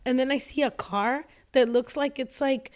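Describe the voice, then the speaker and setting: A woman with a very high voice chats casually on a podcast, reacting to her friend's story and telling her own. She is talkative and laughs easily. Close studio mic. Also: normal speed. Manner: chatty, reactive, laughs often. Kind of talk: casual chat. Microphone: studio microphone.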